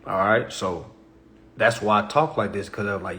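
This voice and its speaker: At normal speed, a man hosting a casual livestream speaks emphatically, punctuating points with "all right" and "okay." He moves from subdued talk into loud, animated bursts.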